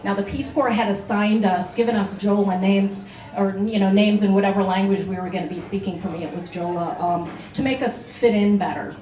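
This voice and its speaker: A woman's voice: medium pitch, steady tone, brisk, few pauses, mellow, roomy sound, low-quality recording. A woman telling a personal story to a live audience, chatty, with many fillers and restarts. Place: live venue, beach bar room.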